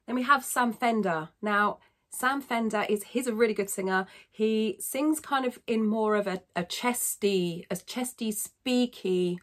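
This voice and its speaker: A woman teaching singing in a casual video lesson, chatting to viewers with quick self-deprecating asides. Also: on the high side. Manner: chatty, warm-hearted asides, thanks viewers.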